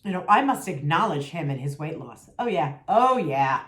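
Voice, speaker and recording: A middle-aged woman vlogger, losing her voice, vents candidly to her viewers in an echoey room, sassy and emphatic, repeating herself for emphasis. Her voice sits low and sounds a little worn, very animated at normal speed.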